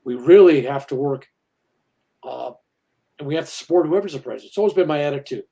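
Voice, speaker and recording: A man's voice: a little high, fast, gravelly, mellow. An older man, a minister and guest, talking earnestly about spirituality and acting out quoted voices as he tells stories. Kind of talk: spiritual interview talk.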